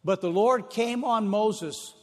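A man's voice: sits high, slow, in a large hall. A man preaching a sermon, retelling stories in a folksy way and repeating phrases for emphasis.

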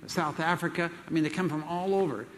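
In a large hall with an audience and long reverb, an older man speaking at a Christian event jokes his way through a seminar talk in a folksy, chuckling manner full of fillers. He talks a little fast in a highish voice, with slight background noise.

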